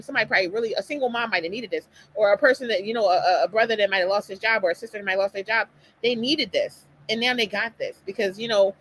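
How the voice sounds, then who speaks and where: Middle-aged woman, live-stream talk host, fast and emphatic delivery. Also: medium pitch, poor audio. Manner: animated, emphatic, talks straight to listeners. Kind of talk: casual motivational talk.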